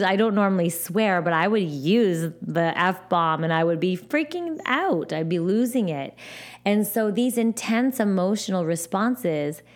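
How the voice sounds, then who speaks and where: A woman hosting a podcast alone, talking in a gentle, encouraging way and often repeating her phrases. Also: on the low side. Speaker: podcast host. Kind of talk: supportive solo podcast talk.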